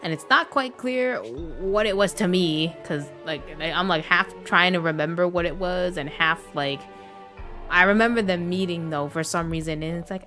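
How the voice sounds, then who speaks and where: A young adult woman chatting casually on a gaming livestream, rambling and animated, with frequent laughs and filler words. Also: fairly low pitch, normal speed, faint music behind. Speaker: gaming streamer.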